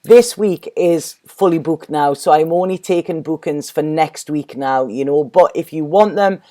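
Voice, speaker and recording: Woman tarot vlogger, mellow and relaxed, rambling, repeats herself, effusive and casual. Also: low voice, a little slow. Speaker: tarot reader. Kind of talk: casual tarot reading vlog.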